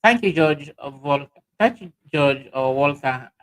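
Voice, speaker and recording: A man's voice: fairly high pitch, lively intonation, poor audio. Sierra Leonean man hosting a livestream. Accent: Sierra Leonean Krio. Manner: halting, many fillers and restarts, mixes Krio and English. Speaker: livestream host. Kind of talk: casual livestream talk, reading viewer comments.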